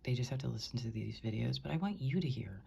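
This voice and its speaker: A woman speaking in a hushed, indignant way, often whispering, as she records from her bedroom on a top floor. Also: rumbling low, fast talker, gravelly, breathy edge. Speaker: concerned housemate.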